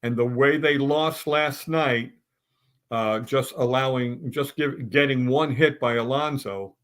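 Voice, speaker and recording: A man's voice: medium pitch, takes it slowly, a bit bright. Blunt, fired-up man ranting about baseball. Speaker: sports talk panelist. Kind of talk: opinionated sports talk.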